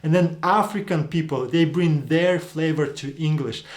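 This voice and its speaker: A man's voice: a little high, normal speed. A man whose first language is Slavic, teaching a video lesson and explaining things patiently. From Eastern Europe. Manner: explanatory, demonstrates accents. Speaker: Greek teacher.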